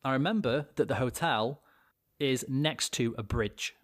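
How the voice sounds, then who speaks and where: A man's voice: mid-range voice, measured pace, no room sound, clean studio sound. Swearing British man telling a story. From Britain. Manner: swears freely, rambling anecdote with restarts. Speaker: podcast co-host. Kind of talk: casual storytelling chat.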